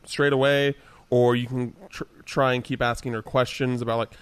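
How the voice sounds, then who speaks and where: Smooth-voiced man recapping casually. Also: mid-range voice, dry recording. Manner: relaxed recap with many "uh" pauses. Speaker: podcast co-host. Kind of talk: casual chat recapping a video game.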